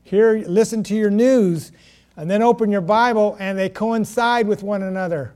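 A man preaching a sermon, reading scripture and stressing key words with pauses. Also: high-pitched, a little mellow. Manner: slow, emphatic preaching with pauses and self-corrections.

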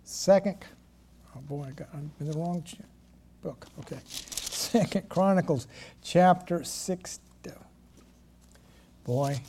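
Slow, high-voiced preacher. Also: male voice, warm tone, slight background noise. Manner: slow, emphatic preaching with pauses and self-corrections. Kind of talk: sermon.

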